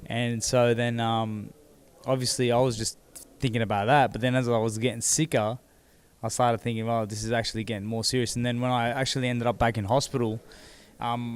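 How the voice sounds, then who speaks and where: A man, seated as an interview guest, telling his own story in a halting way that repeats words as he goes. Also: medium pitch, clear, resonant tone. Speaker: interview guest, former boxing champion. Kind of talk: candid personal storytelling.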